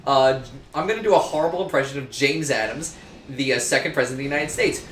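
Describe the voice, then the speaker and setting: A young man playing a video game and rambling through goofy tangents, swearing as he goes. His pitch jumps all over the place. The room around him is roomy and echoey, with a faint hum of ambient noise. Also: big pitch swings, quick pace, a bit bright. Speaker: let's play host. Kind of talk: casual gaming chat.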